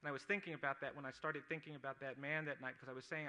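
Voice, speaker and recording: A man's voice: medium pitch, steady tone, very fast, sharp tone. A man, a lawyer, giving an earnest personal speech at an awards dinner, building his points through repeated phrases. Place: awards dinner, speaking to an audience.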